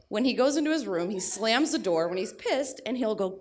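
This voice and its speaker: A young adult woman telling a personal story at a live storytelling event, blunt and crude with deadpan humor. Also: fairly high pitch, a little fast.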